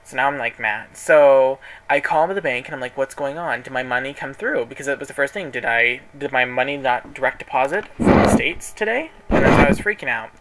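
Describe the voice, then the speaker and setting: Sassy chatty man with a bright voice. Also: medium pitch, expressive, a little fast, hardly any pauses, slight background noise, poor audio. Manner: chatty, sassy, dramatic quoting. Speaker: vlogger. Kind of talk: casual storytelling vlog. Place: at home, folding clothes. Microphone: camera in front of him.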